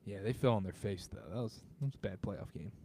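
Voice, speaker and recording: A man from the American South hosting a casual sports podcast, talking in an animated way and jumping up in pitch when excited. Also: fast talker, slight background noise. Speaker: podcast host.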